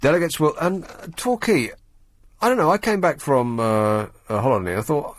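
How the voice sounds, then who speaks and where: Brief: sarcastic male talk-radio host, lively up-and-down delivery, close dry studio mic. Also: a little high, moderate pace, no echo. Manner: sardonic, mocking. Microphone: studio microphone.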